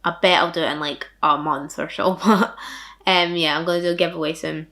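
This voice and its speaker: Young woman, thick Fife Scottish accent, casual vlog chat, fillers and laughs, slightly low voice. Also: steady tone, a little fast, creaky, a bit bright. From Fife, Scotland. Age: young adult. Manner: chatty, self-deprecating, many likes and laughs. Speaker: YouTuber answering viewer questions.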